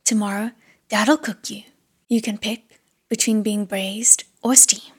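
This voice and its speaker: A woman voicing a manic, cruel male ghost in a whispered role-play, shrill and mocking. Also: fairly even intonation, a little slow, slightly rough. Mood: taunting.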